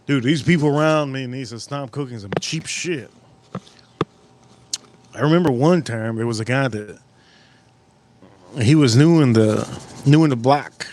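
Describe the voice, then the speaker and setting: A man hosting a live cooking stream outdoors at a grill, talking in a casual, profane way with sudden loud exclamations. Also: medium pitch.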